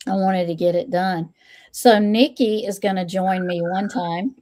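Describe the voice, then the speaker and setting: A woman hosting a casual livestream chat, who repeats her phrases, greets viewers and reads out their comments. She is still a little hoarse. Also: mid-range voice, steady tone, a little slow, dark tone. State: recovering from hoarseness. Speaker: stream host and tarot reader.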